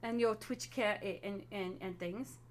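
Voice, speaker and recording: A woman running a tabletop role-playing game as game master, explaining at length in an animated way. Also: medium pitch, unhurried.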